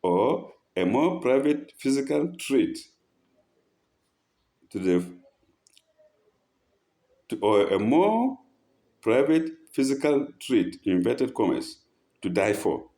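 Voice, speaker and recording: A man's voice: mid-range voice, big pitch swings, takes it slowly, long pauses, mellow. A man teaching from a text, reading a passage aloud, repeating phrases and stopping to explain them. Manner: breaks off to mimic speakers in a raised voice. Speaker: religious teacher.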